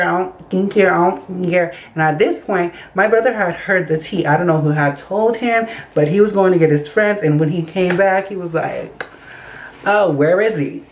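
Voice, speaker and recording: A young woman telling a story casually in her bedroom, animated and acting out the quotes. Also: fairly low pitch, poor audio. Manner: animated, acts out quotes with voices. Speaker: storytime vlogger. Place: bedroom by a window.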